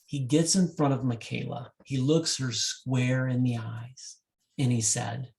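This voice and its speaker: A man working as a wedding DJ, speaking directly to couples and telling a love story in an animated way. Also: mid-range voice, a little slow, creaky.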